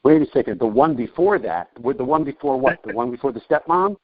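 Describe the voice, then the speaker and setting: A podcast host rambles and jokes his way through a casual interview chat, restarting often. His medium-pitched voice is expressive and a little fast, with no echo, in dull, lo-fi, dry podcast audio.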